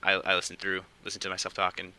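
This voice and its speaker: Man, young adult, solo podcast host, hushed hesitant delivery, flat monotone, sharp bright tone. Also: low-pitched, quick pace, clean tone, low-quality recording. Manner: quiet, hesitant, many fillers. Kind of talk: casual solo podcast talk. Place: at home late at night.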